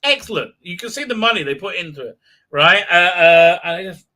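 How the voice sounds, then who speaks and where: A man's voice: high voice, expressive, a little fast, pushed and bright. A man hosting a live-stream review, rambling and sarcastic, with many stalls and restarts. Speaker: host and reviewer.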